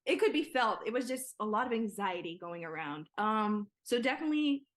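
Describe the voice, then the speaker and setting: A woman's voice: mid-range voice, expressive, fairly bright tone. A young woman guest in an interview, talking casually with lots of "like" and "yeah" fillers. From Nigeria. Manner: chatty, quick, many "like" and "yeah" fillers. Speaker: guest, filmmaker.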